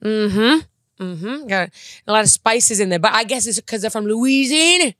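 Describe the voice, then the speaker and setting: A young woman hosting a comedy podcast, chatting casually and jokily, quick to laugh and to slip into silly voices. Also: on the high side, expressive, a bit bright, no echo, clean studio sound. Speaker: podcast host.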